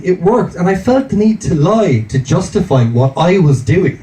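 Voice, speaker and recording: A man telling a stand-up story on stage in a self-mocking, animated way. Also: sits high, normal speed, a little hiss or hum. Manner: self-mocking, animated, laughing through lines. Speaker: stand-up comedian. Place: comedy venue stage. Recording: echoey stage from far off with loud audience.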